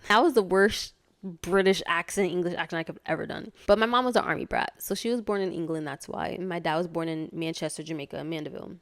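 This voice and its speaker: In her casual personal vlog, a Hartford, Connecticut, USA woman speaks earnestly with a lowish voice at a quick pace and few pauses. Her talk wanders, full of fillers and false starts.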